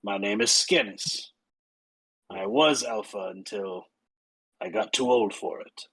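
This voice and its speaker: A man plays a weary old wolf who once led the pack, blunt and gruff, speaking slowly with a husky edge in a dry, close tabletop game recording. He carries a tired, short-tempered authority. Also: fairly low pitch, a bit bright, dry recording, exaggerated voice, rough recording. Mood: grave.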